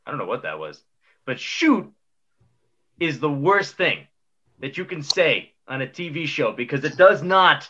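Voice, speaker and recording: A man's voice: a little high, pushed and bright, dull audio. A man co-hosting a podcast, ranting emphatically about something that annoys him. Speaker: co-host. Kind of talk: casual podcast chat.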